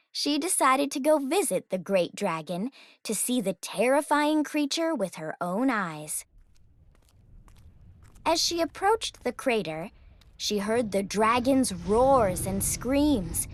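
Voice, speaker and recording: Woman narrator for a kids' audio story: high-pitched, very animated, unhurried. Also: a little hiss or hum. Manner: expressive, dramatic storytelling.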